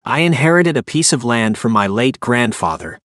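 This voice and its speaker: A humble country man, newly rich and plain-spoken, as a male narrator reads him. He talks about himself without airs at a middling pitch. The recording is dry and close. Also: lively intonation, moderate pace, a bit bright, no room sound, lightly acted. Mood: earnest. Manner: plain-spoken, self-deprecating.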